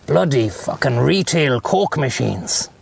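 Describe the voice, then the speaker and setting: A man's voice: medium pitch, very animated, slow, creaky, slight background noise. An Irish man chatting casually and profanely while he livestreams from his car, rambling between thoughts. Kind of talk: casual chat while driving.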